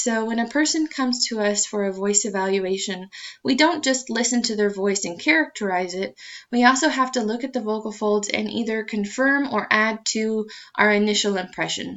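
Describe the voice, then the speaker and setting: A woman's voice: mid-range voice, fairly bright tone. A woman lecturing to students in an explanatory way, with frequent ums and uhs, on a dull lo-fi recording.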